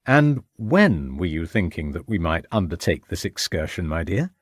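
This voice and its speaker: A man voicing a gentle, measured police inspector speaking tenderly to his wife. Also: low-pitched, big pitch swings, dry recording, clean studio sound.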